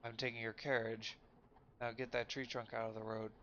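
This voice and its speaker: A man playing a gruff female bandit. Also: medium pitch, flat delivery, normal speed, fairly bright tone, close to an everyday voice. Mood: threatening. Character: tough, wary female highway bandit. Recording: lo-fi with faint noise.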